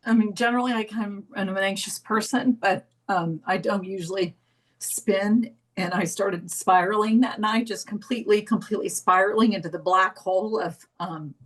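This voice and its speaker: A middle-aged woman shares her story as a volunteer in a live therapy session. Her voice is tearful and her talk halting, full of restarts and apologies, and her pitch sits in an ordinary middle range. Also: rough recording. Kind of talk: emotional personal account.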